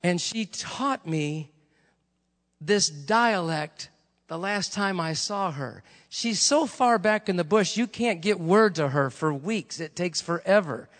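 Brief: male preacher, conversational storyteller, ringing bright tone, recorded with long hall reverb. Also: high-pitched, lively intonation, takes it slowly. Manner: conversational storytelling, chatty asides. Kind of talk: sermon.

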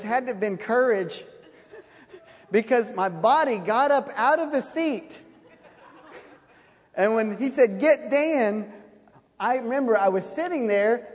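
A man preaching a sermon, telling a personal story with animated, laughing delivery. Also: very high voice. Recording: long hall reverb.

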